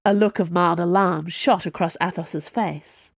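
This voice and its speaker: A woman reading a story aloud in an even, measured narration. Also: fairly low pitch, gravelly, no room sound. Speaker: audiobook narrator. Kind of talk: scripted narration.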